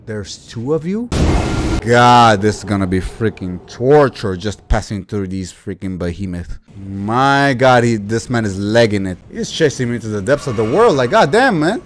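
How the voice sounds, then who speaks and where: A young man giving live gameplay commentary, exasperated and yelling at the game, with mild cursing. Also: fairly low pitch, expressive, normal speed, a little hiss or hum. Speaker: gaming YouTuber.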